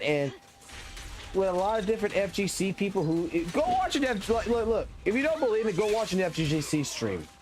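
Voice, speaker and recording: A young man from Louisiana with a Southern accent, ranting loudly and profanely while chatting on a live stream. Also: on the high side. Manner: loud, profane, energetic ranting. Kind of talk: casual ranting stream chat.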